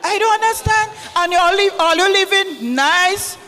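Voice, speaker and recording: A man playing a fussy mother, shrill. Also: lively intonation, moderate pace, exaggerated voice. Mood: indignant. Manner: loud, exasperated, repeats herself. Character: scolding Caribbean mother, loud and fussy. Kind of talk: stage comedy skit. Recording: reverberant hall stage sound.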